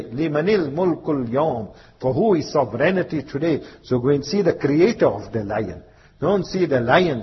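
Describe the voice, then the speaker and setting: A man giving a slow, emphatic religious talk in English, mixing in Urdu verse and Arabic terms. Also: on the high side. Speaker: Islamic preacher. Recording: dull reverberant hall recording with faint hiss.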